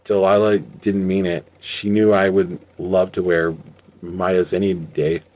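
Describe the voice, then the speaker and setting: A man's voice: deep voice, level tone, measured pace, darkish tone. A man reading a story aloud as an amateur audiobook reader, in an unpolished way with slips and restarts.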